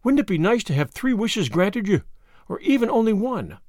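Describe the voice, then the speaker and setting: A man's voice: high voice, big pitch swings, moderate pace, a little mellow, no room sound, studio quality, pitched above the performer's own voice. A man reading aloud, voicing a practical, matter-of-fact young woman.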